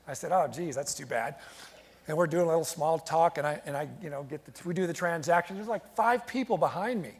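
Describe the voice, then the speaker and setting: A man giving a lively motivational keynote to a live audience, telling stories and drawing the crowd into call-and-response. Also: fairly high pitch, fast, breathy edge. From United States. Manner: energetic, storytelling, engages the crowd with call-and-response. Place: large event hall with audience. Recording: long hall reverb. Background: audience responding and laughing.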